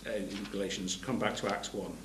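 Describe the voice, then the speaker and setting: A man's voice: fairly low pitch, level tone, a little fast, a bit bright, reverberant, a little hiss or hum, poor audio. A man giving a sermon. He reads scripture aloud and explains it plainly, stopping to restart his phrases. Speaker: preacher.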